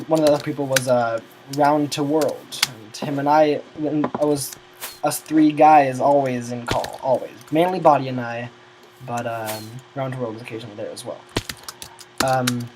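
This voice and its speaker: A man's voice: mid-range voice, a little mellow, slight background noise, poor audio. Rambling teenage boy with keyboard clatter. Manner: rambling, often loses his train of thought. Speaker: gamer recounting a server's history. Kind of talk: rambling casual storytelling.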